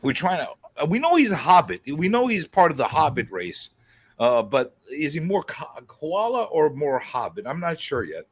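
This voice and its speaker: A man hosting a casual livestream chat, greeting viewers in a quick, excitable, profane way. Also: a little high, breathy edge, no room sound. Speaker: host.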